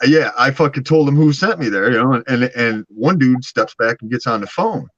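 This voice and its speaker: A man's voice: medium pitch, lively intonation, a little fast, fairly bright tone, no room sound. A man telling a story in casual chat, acting out quotes and swearing freely. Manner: storytelling, acts out quotes, profane. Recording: dull lo-fi sound.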